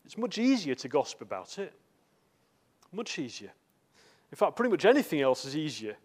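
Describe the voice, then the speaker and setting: A man's voice: a little high, sing-song, brisk, a little mellow, slightly rough. Man preaching a conversational sermon. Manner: conversational, with frequent fillers and asides. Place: church.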